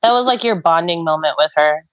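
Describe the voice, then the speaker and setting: A woman's voice: lowish voice, animated, fast, a bit bright, no echo, rough recording. A woman co-hosting a podcast, venting frankly and bluntly in casual chat. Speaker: podcast co-host.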